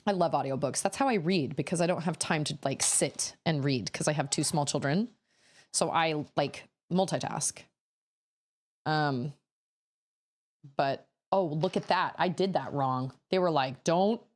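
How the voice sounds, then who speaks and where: Chatty woman streamer, slow-paced. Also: deep voice. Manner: chatty, rambling, self-talking while building. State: voice a little rough from camp. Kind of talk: casual livestream chat.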